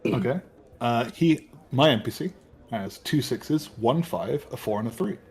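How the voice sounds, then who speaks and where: A man running a tabletop game as dungeon master, laughing often and getting animated as he narrates. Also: mid-range voice, a little slow. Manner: laughs often, animated when voicing characters.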